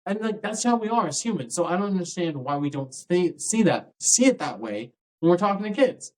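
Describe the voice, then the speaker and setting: A man's voice: high voice, fairly quick, low-quality recording. A man, a dance instructor, talking casually in a podcast monologue and often checking in with his listeners. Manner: conversational, keeps checking in with "right?"; acts out quoted people in lively voices.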